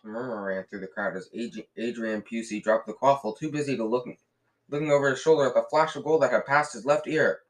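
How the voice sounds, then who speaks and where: A man reading a novel aloud in a lively way, often slipping and restarting words. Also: mid-range voice, quick pace, poor audio. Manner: lively, with frequent slips and restarts. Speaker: reader.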